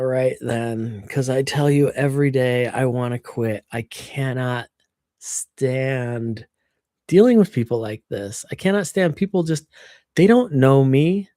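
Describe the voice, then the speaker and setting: A woman streaming from her computer, chatting casually and venting with frank, freely sworn complaints. Her voice is warm and mellow, picked up dry and close by a computer microphone. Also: rumbling low, a little slow, no echo. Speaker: livestreamer. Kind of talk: casual livestream chat.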